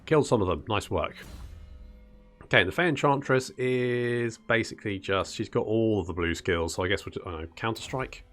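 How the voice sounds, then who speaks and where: A man's voice: lowish voice, a little fast, a bit bright, soft background music. A man hosting a casual strategy game let's-play, chatting and muttering to himself as he plays and calling his units "buddy". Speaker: gaming channel host.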